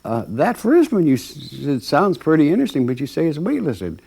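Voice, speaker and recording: Man playing an eager unborn soul, wheedling, voice leaping up high. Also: wildly swooping pitch, normal speed, creaky, mellow, slightly rough, exaggerated voice.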